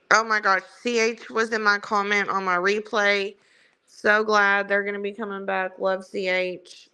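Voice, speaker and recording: Bright-voiced Southern country woman. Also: medium pitch, smooth. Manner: chatty, rambling, self-mocking. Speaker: livestream host. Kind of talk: casual chat.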